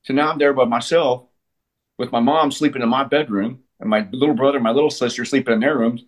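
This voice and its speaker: Husky man in his sixties, blunt and profane. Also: medium pitch, fast. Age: 60s. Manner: blunt and profane, with frequent restarts. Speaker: interview guest. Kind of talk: candid conversational storytelling.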